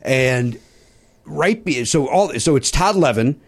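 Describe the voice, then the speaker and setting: A middle-aged man with a Chicago accent, a comedian guest on a podcast, telling a story in a lively, profane way and imitating the people he talks about. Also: mid-range voice, slow, slightly rough. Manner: animated, profane, mimics voices in anecdotes.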